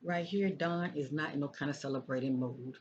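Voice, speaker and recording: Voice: medium pitch, a little fast, darkish tone. A psychic reader going through tarot cards in a casual talk, often repeating phrases and checking in with "okay?". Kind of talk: casual tarot card reading. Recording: dull lo-fi sound with faint noise.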